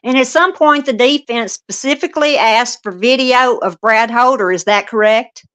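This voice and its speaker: A woman reading the part of a female prosecutor, questioning a witness in a steady, pointed way. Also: on the high side, normal speed, clear, resonant tone, natural voice. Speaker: reader in a transcript read-through. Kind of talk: courtroom transcript reading.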